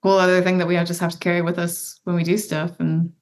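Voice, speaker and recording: Passionate woman in her thirties, low voice. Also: flat delivery, fast talker. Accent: non-American. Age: 30s. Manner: passionate, emphatic and encouraging. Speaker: guest adventure athlete. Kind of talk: candid interview conversation.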